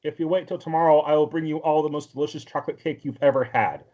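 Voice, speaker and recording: A man's voice: fairly high pitch, steady tone, fast, dark tone, lo-fi sound, close to an everyday voice. A man playing a strict, bossy schoolgirl. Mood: stern. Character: strict schoolgirl who lays down the rules.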